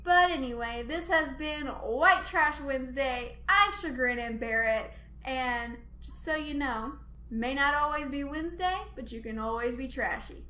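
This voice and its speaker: A woman host telling a funny family story in a chatty, animated way, laughing often. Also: sits high, a little slow, reverberant. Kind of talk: casual storytelling monologue.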